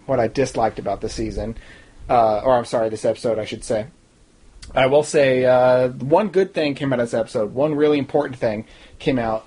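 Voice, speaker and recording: Snarky ranting man with a husky voice. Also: medium pitch, a little mellow. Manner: snarky, ranting, mocking impressions. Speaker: TV recap podcaster. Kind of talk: casual opinionated TV review.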